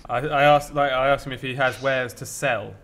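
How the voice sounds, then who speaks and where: Male player, joking and playful, average pitch. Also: fairly even intonation, moderate pace, a bit bright. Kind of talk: casual tabletop game chat.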